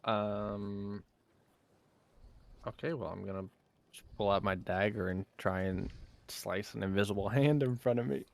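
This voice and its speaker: A man's voice: fairly low pitch, steady tone, measured pace, vocal fry, long pauses. A man playing a character in a tabletop game, talking casually and hesitantly about his moves. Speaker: player.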